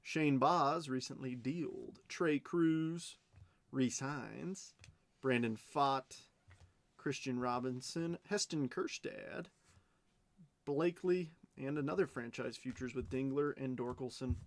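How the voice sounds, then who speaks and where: A man's voice: medium pitch, slow pace. A man hosting a live card break stream, chatting as he calls out cards and bids. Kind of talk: live stream auction chat.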